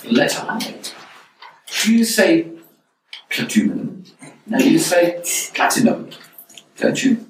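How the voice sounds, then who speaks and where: A man's voice: sits high, a little slow, long pauses. Wry English man, echoey distant sound. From England. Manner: wry, rambling anecdotes with many restarts. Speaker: guest. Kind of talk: casual interview chat. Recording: echoey room, distant mic, faint noise.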